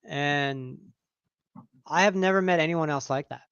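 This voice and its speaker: A man's voice: on the high side, unhurried, a bit bright, smooth, no room sound, highs cut off. A man chatting casually about motorcycle trips on a livestream, rambling and laughing often. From California. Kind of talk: casual chat.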